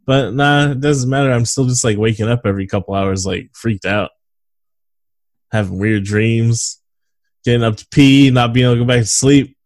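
A man's voice: mid-range voice, normal speed, no room sound. A man co-hosting a casual movie podcast, reading from notes with lots of fillers and frequent laughs. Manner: laughs often, reads notes with filler words. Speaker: podcast co-host.

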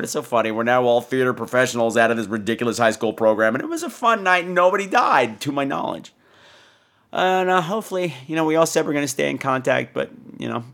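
A man hosting a podcast, telling a story in a theatrical, animated way, full of crude jokes and acted-out voices. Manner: acts out quoted people in higher voices. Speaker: podcast host. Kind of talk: casual storytelling.

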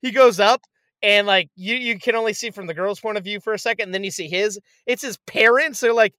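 A man in casual chat, retelling a movie with lively acted-out quotes and frequent swearing. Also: high-pitched, brisk, dry recording. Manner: animated storyteller, acts out quotes, swears freely. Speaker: podcast co-host reviewing a movie.

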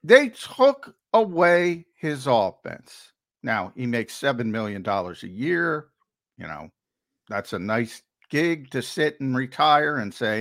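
A man's voice: mid-range voice, sing-song, slow, a bit bright. A man co-hosting a sports talk show, talking emphatically and repeating words for stress. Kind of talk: heated sports talk commentary.

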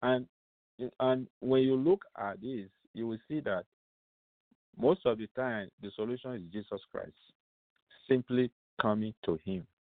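A man's voice: mid-range voice, unhurried, dry recording. Man preaching over a tinny phone line. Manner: emphatic, repetitive, asks rhetorical questions. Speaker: radio show host. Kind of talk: radio preaching. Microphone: phone call-in line.

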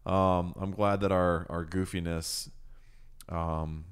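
A man co-hosting a podcast in casual chat, jokey and quick to slip into silly voices. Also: low voice, flat delivery, clear, resonant tone. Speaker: podcast co-host.

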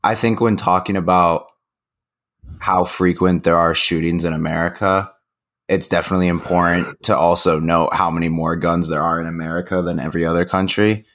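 A man who is a guest on a podcast, talking in a measured, agreeable way. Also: low voice, flat delivery, fairly bright tone. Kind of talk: casual chat.

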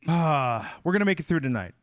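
Playful man with a lively, swooping voice. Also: a little high, a little fast, no echo, studio quality. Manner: playful, theatrical announcer-style delivery. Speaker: podcast co-host. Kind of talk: casual podcast chat.

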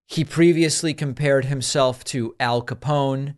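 A man's voice: medium pitch, steady tone, unhurried, smooth. A man hosting a political commentary show, sarcastic and incredulous as he reacts to clips.

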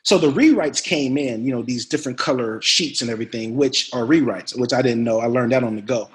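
A man, an actor as a guest, telling stories casually in an interview with lively, laughing delivery. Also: medium pitch, fairly quick. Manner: animated, laughing storyteller.

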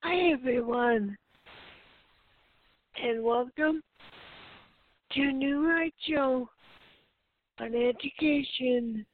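A woman hosting a show who reads a children's story aloud slowly, stumbling and correcting herself. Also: high-pitched. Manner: slow, halting reading with self-corrections. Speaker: host and story reader. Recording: tinny phone-like sound.

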